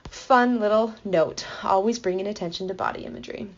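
A woman explaining a Bible passage in a playful, enthusiastic way, building excitement as she goes. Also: medium pitch, brisk, highs cut off. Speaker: Bible teacher. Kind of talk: explanatory podcast talk.

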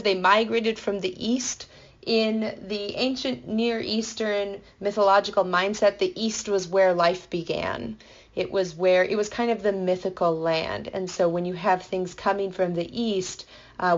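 A woman leads a conversational Bible teaching, explaining the text playfully and enthusiastically with lively asides. Her voice sits on the low side, and the audio has its highs cut off.

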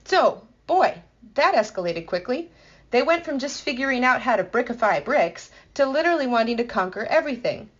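A woman explaining a Bible passage in a playful, enthusiastic way, building excitement as she goes. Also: fairly high pitch, fairly quick, highs cut off. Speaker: Bible teacher. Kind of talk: explanatory podcast talk.

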